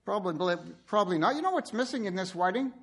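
A man's voice: high-pitched, fast talker, breathy edge. A man preaching a sermon, telling stories and speaking directly to his listeners. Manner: animated storytelling, addresses listeners directly.

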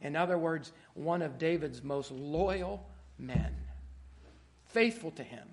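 A middle-aged man preaching a sermon, swinging from quiet asides to loud, emphatic peaks. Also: fairly high pitch, expressive, takes it slowly.

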